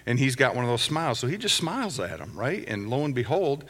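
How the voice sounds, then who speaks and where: A middle-aged man preaches in a relaxed, storytelling way, with little asides and chuckles. His voice is bright and forward. It rings out with a long hall reverb, as in a church sanctuary. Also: mid-range voice, quick pace. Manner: conversational, anecdotal, chuckling asides. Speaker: pastor. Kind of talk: sermon with storytelling.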